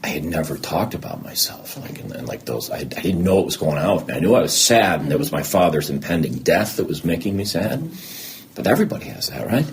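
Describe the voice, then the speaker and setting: A man's voice: sits low, sing-song, quick pace, gravelly, noisy background. A man, a podcast guest, telling his own story candidly. He jokes at his own expense and acts out conversations he remembers. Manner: acts out remembered conversations, self-deprecating humor.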